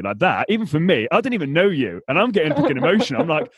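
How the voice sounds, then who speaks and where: Fast-talking, husky man. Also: a little high, sing-song. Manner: blunt, swears freely, emphatic. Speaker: podcast host. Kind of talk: casual conversational interview.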